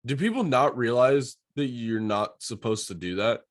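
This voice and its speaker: A man's voice: medium pitch, animated, normal speed, no echo, clean studio sound. A man co-hosting a podcast, chatting casually and reacting with interjections and laughter. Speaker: podcast co-host. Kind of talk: casual chat.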